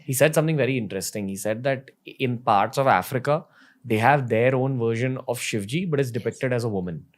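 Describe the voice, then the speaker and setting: A man's voice: mid-range voice, a little fast. A man hosting an interview and asking curious, conversational questions. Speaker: podcast host. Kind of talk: interviewing a guest.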